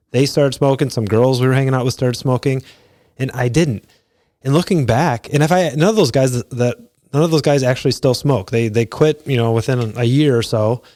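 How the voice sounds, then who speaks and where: A man in his forties hosting a podcast, talking casually and retelling scenes in bursts of higher pitch. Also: warm tone, dry recording. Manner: conversational, retells scenes with quick pitch jumps. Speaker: podcast host. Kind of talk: casual solo talk.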